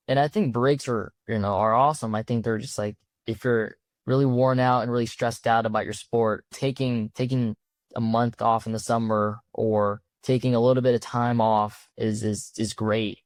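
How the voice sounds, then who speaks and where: Young college wrestler, rambling and casual. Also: male voice, mid-range voice, steady tone, moderate pace, no room sound. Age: young adult. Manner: loose, rambling with many fillers and restarts. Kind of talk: casual storytelling.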